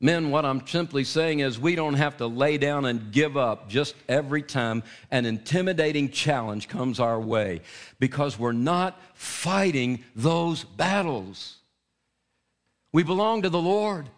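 A male preacher giving an impassioned sermon to men, swinging from soft asides to loud, rising declarations. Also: mid-range voice, lively intonation, moderate pace.

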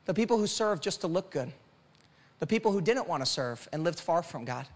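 High-voiced preaching male pastor. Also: expressive, fairly quick. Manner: preaching with rhythmic lists and audience questions. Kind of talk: sermon. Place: church.

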